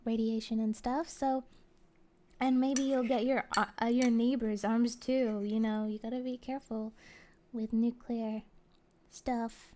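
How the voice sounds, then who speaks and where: A woman streamer chatting casually and answering viewer comments, rambling and halting with many fillers. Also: a little high, flat delivery, slight background noise. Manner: soft and gentle, with small laughs.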